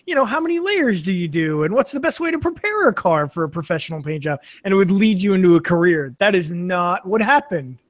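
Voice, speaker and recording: A man's voice: sits high, fairly bright tone, dry recording, clean studio sound. A man telling anecdotes with wry humor as a podcast guest. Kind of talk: casual chat.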